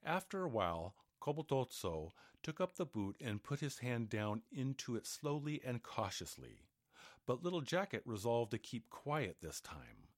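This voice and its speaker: A man narrating a fairy tale aloud in an expressive storybook reading. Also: medium pitch, moderate pace, no echo, studio quality. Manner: expressive, animated.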